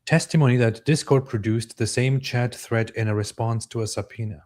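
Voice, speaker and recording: A man co-hosting a live stream, commenting on court footage in a deliberate, measured way with some restarts. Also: mid-range voice, fairly even intonation, darkish tone.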